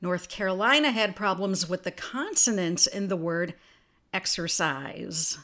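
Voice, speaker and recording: A woman's voice: fairly low pitch, unhurried, fairly bright tone. A woman hosting her own podcast in a casual solo monologue, chatty and spelling words out letter by letter. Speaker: podcast host.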